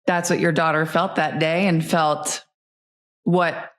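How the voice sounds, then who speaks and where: A woman's voice: low-pitched, level tone, slow pace, fairly bright tone. A woman hosting an interview, affirming her guest and adding reflective comments. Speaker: host. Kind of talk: interview chat.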